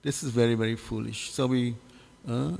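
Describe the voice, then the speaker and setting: Gravelly man teaching in a reverberant hall. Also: medium pitch, fairly even intonation, a little mellow. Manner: halting, many fillers and restarts, asks the audience questions. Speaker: scripture class teacher. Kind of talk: devotional scripture class.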